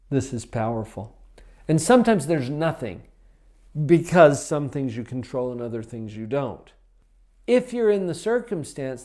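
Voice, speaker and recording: A man's voice: on the high side, a little mellow. A man giving a motivational personal development talk, emphatic and upbeat, full of rhetorical questions.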